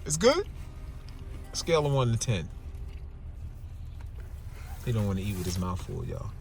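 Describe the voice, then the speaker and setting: A middle-aged man from New Jersey hosting a casual vlog on a handheld phone, lively and chatty, calling his viewers y'all. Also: fairly low pitch, a little slow, gravelly. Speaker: vlogger host. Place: restaurant and parked car. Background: music playing.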